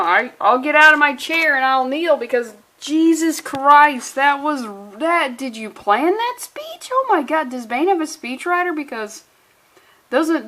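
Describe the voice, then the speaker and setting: Woman comic reviewer, slightly high voice, excitable, rambling, casual and profane. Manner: excitable and rambling, with swearing and jokey asides.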